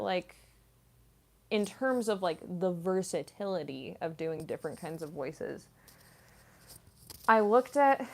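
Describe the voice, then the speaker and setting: Chatty young woman voice actress, lowish voice. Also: a little mellow. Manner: chatty, many "like" fillers, explaining technique. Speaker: voice actress answering fan questions. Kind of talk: casual Q&A vlog.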